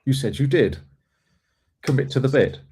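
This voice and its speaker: A man's voice: medium pitch, expressive, moderate pace, dark tone, breathy edge. A man hosting a live coding stream, chatting playfully and casually. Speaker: host.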